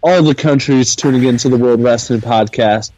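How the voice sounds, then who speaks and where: A man hosting a wrestling podcast in casual chat, giving upbeat shout-outs and show updates. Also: mid-range voice, moderate pace. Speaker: podcast host. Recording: dry, slightly dull sound.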